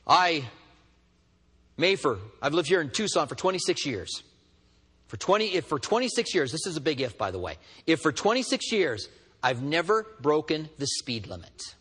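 A man preaching in a high, lively voice that swoops up and down as he acts out stories. His words ring through a hall with a long reverb tail. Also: measured pace, slightly rough. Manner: animated storytelling, acts out both sides of dialogues. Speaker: pastor. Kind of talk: sermon.

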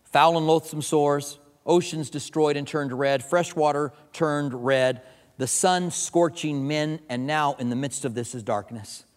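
A middle-aged man preaching a sermon, telling a personal story with animated, self-mocking humor. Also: fairly high pitch, a little slow. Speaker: pastor. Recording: long reverb of a large hall.

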